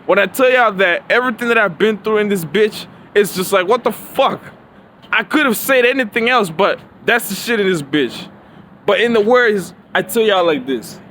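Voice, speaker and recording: Man, high bright voice, profane rambling phone monologue, city street outside with faint traffic. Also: lively intonation, moderate pace, low-quality recording. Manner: profane, rambling, repeats himself.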